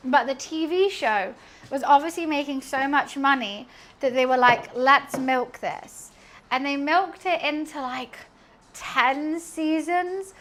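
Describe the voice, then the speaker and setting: Chatty young woman, high voice. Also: fairly bright tone, slight background noise. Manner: chatty, rambling, humming and singing to herself. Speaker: streamer. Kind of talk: casual chat while cleaning and cooking. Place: home kitchen.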